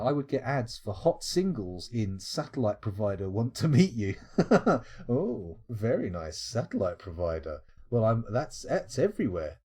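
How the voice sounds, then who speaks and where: A British man hosting a late-night live stream, talking loosely to his chat and going off on sweary tangents. His voice is mellow and dark, but his pitch swings in a lively way. He stumbles and restarts often as he thinks aloud. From United Kingdom. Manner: rambling, sweary and jokey, with frequent restarts and laughs. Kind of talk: late-night casual stream chat, reading out viewer comments.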